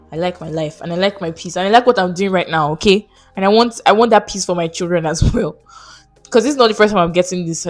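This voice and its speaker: A young woman answering viewer questions in a casual vlog, frank and chatty. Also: on the low side.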